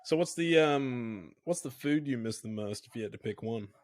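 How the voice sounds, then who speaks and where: A man hosting a casual podcast chat, easygoing and quick to laugh. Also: mid-range voice, lively intonation, dry recording, clean studio sound. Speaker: podcast host.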